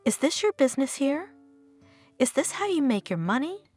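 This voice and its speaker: Lady reader doing an annoyed tourist woman, snappy, voice bouncing up and down, soft guitar behind. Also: sits high, big pitch swings, normal speed, voice pushed up. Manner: irritated, snapping. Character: angry stranded foreign woman tourist.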